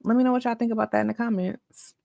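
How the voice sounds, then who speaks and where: A woman's voice: a little high, steady tone, fast talker, gravelly, a little mellow, no echo, clean studio sound. A woman vlogger gives casual reaction commentary, talking back to the clip with sassy asides.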